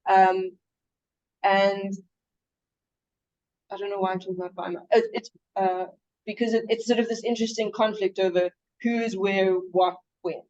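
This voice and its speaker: Woman historian, seminar Q&A, chatty with restarts, mid pitch, dull lo-fi audio. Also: fairly even intonation, moderate pace, long pauses, darkish tone. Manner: chatty, laughing, many restarts. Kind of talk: academic seminar Q&A. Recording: dull lo-fi sound.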